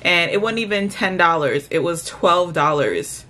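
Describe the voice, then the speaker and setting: A woman's voice: lowish voice, expressive, a little slow, a bit bright. A woman vlogger chatting casually to her viewers, ranting with exasperation. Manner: talks straight to viewers.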